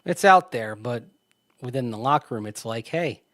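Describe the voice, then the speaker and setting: A man's voice: medium pitch, animated, moderate pace, fairly bright tone, dry recording, studio quality. A man co-hosting a sports radio show, chatting casually, laughing often and restarting his sentences. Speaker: sports radio co-host and team reporter.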